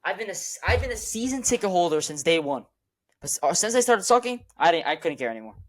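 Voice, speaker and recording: A man's voice: high voice, sing-song, quick pace, noisy background. A man co-hosting a casual sports podcast, emotional and rambling, often repeating himself. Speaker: podcast co-host.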